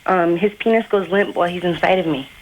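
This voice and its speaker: A fourteen-year-old boy voicing a teenage girl caller, talking in a casual, halting way on a radio call-in line. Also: sits high, fairly even intonation, slight background noise, low-quality recording. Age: teens. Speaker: prank caller.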